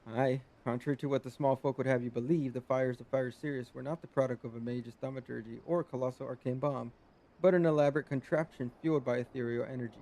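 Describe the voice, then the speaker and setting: A man's voice: mid-range voice, fairly even intonation, fast, dark tone, natural voice. A man reading the lines of a polite, worried male lighthouse guard in a video game, formal and explanatory.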